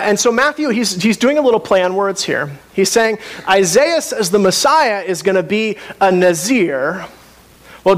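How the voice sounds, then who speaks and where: A man preaching a sermon in a conversational way, asking the congregation questions and often restarting his sentences. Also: high-pitched. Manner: conversational, with frequent restarts and asides. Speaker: pastor.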